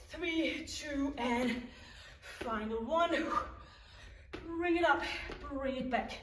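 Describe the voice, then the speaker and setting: A fitness instructor leads a home workout, counting down reps and encouraging the listener as she coaches. Her voice sits high, with slight background noise, recorded in an echoey room with the mic at a distance.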